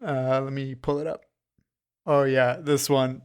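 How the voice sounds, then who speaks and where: Male co-host, mid-pitched, smooth, resonant voice, earnest and reflective. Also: little pitch movement, unhurried. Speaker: film podcast co-host. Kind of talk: casual chat.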